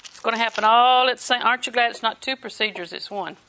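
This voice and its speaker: Older lady preaching, bright voice, chatty and folksy, laughs a lot. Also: fairly high pitch, quick pace, slight background noise. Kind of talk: sermon.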